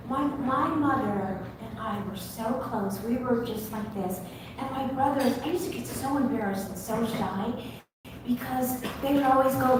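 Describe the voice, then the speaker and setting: A woman on stage, talking warmly and emotionally about her family in a live conversation. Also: high voice, a little fast. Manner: warm, gushing, emotional storytelling. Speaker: guest on stage. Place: large venue with audience. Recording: echoey hall from far off, noisy.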